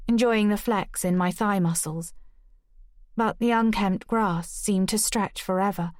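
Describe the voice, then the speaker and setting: A woman narrating a first-person audiobook in a measured, even storytelling delivery. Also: mid-range voice, no room sound, studio quality.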